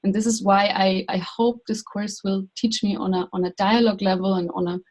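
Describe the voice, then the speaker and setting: Halting woman on a video call. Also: medium pitch, steady tone, darkish tone, rough recording. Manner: searching, halting, repeats words. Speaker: course participant. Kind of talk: self-introduction on video call.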